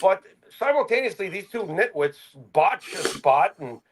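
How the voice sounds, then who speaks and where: A man co-hosting a podcast, chatting casually and acting out quotes as he tells animated stories. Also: high-pitched, moderate pace. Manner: animated storytelling, acts out quotes with laughs. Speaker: podcast co-host. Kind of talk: casual chat.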